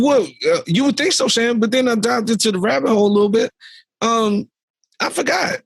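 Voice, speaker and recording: Gravelly, husky man ranting on a podcast. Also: extremely high pitch, a little fast, no room sound. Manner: animated, exasperated ranting with mock quotes. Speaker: podcast co-host. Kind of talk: casual political commentary.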